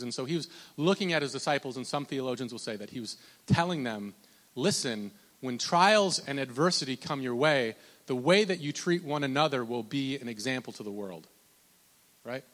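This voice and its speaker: A man, likely in his thirties, preaching a conversational sermon with lots of restarts and fillers, loud on his points and slow on scripture. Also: medium pitch, in a large hall. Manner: animated, pushes loud on emphasis, drawn-out slow scripture quotes. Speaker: pastor.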